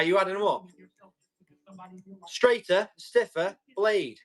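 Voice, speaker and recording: Here a live-stream tool seller with a high-pitched, fairly bright voice runs a casual auction. He chats with his audience, responds to their comments, and talks through every tool as he tries it out.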